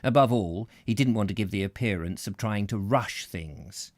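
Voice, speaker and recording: A man's voice: on the low side, normal speed, dry recording. A man hosting a live reading of a novel, narrating expressively with occasional slips and restarts. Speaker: book reader, host.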